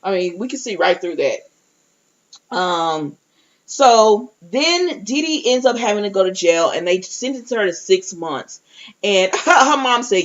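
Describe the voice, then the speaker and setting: A woman's voice: medium pitch, lively intonation, measured pace. A woman giving a casual recap and review of a TV episode, speaking directly to her viewers and often restarting her sentences. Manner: chatty, talks to viewers directly, many restarts. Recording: dull lo-fi audio.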